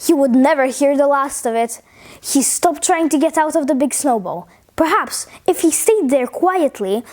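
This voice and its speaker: A woman reading a funny children's story aloud in an expressive, playful way. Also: sits high.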